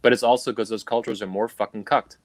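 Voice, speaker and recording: Angry, profane man ranting low. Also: fairly even intonation, fast. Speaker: livestream host. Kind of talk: heated political rant. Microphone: video call stream.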